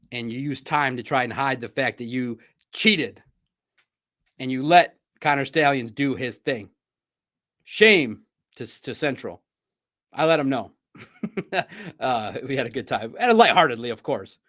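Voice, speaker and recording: Animated sports podcast host, a man. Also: on the high side, normal speed, pauses often. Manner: animated, chatty storytelling with laughs. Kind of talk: casual sports recap.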